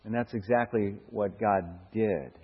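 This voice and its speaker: A man's voice: fairly low pitch, fairly even intonation, unhurried, breathy edge. A middle-aged man preaching a sermon, earnest and searching, with stammered restarts and rhetorical questions that build to emphatic bursts. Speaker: pastor. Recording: dull lo-fi sound with hall reverb.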